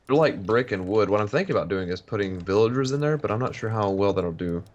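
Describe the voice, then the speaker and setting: A man's voice: lowish voice, lively intonation, quick pace, muffled recording, a little hiss or hum. A man chatting casually while playing a video game as a guest, easygoing and rambling with many fillers. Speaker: guest player.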